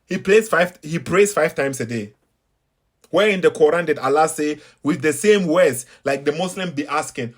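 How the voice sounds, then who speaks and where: A man's voice: a little high, moderate pace. A man with a Ghanaian English accent, talking casually to his audience while waiting for a call, repeating his points emphatically. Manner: preachy, repeats himself, emphatic. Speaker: online debate host. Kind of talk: casual commentary between calls.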